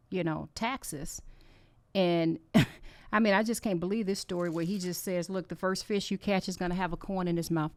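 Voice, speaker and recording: A woman's voice: on the low side, no room sound. Woman host, heartfelt inspirational faith talk, tearful and encouraging, dry close sound. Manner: earnest, encouraging, emotional. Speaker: podcast host.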